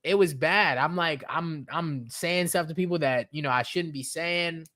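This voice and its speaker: A man guesting on a podcast, telling stories in a loose, animated way, laughing often and swearing freely. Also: fairly high pitch, normal speed. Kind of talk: casual podcast chat.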